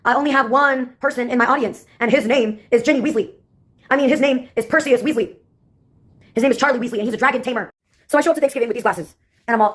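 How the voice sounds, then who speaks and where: Fast-talking sarcastic woman vlogger. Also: fairly high pitch. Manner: sarcastic, rambling, frequent filler pauses. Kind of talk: casual rambling monologue.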